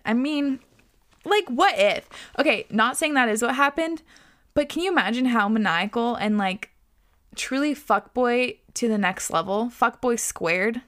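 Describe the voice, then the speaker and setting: A woman hosting a podcast, reading listener stories aloud in an expressive way, swearing and laughing often. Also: mid-range voice. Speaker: podcast host.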